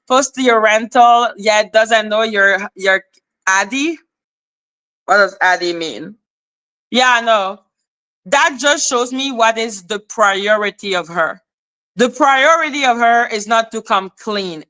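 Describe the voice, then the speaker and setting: A woman's voice: on the high side, slow pace, pushed and bright. Blunt woman ranting on a livestream. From Canada. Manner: blunt, profane ranting, greeting chat viewers. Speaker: live-stream host. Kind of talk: live-stream commentary.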